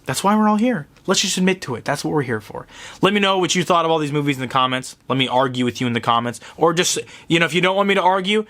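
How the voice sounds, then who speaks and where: A young man hosting a show, giving a profane, rambling, excitable fanboy review of horror movies. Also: a little high, fast. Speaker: host.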